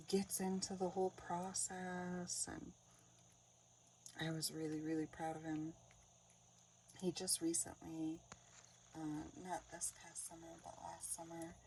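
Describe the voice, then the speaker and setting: A woman in a casual crafting chat who tells stories, laughs often and drops into soft whispered asides. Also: on the low side, vocal fry, far from the mic, noisy background. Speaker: craft vlogger.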